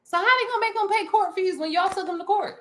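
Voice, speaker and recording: A woman's voice: extremely high pitch, fast, pushed and bright. A middle-aged woman co-hosting a casual podcast chat, playful, laughing often and filling her talk with ums. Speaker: podcast co-host.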